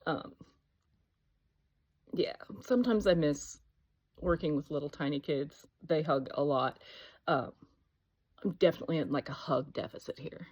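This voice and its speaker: A woman's voice: sits low, measured pace, long pauses, a little mellow, breathy edge, dry recording. A woman in her thirties in a scattered, self-interrupting casual vlog, talking into her phone. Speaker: vlogger. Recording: dull lo-fi phone audio with road noise.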